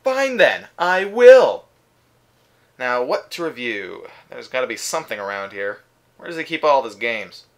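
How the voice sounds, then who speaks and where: A man's voice: mid-range voice, lively intonation, fairly quick, gravelly, a bit bright. A man giving a comedic, sarcastic video game review. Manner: sarcastic, joking.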